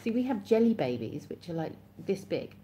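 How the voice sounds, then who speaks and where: A woman's voice: medium pitch, big pitch swings, brisk, dark tone, a little hiss or hum. An English woman hosting a casual live stream, chatting and reading viewer comments aloud with frequent laughs. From England.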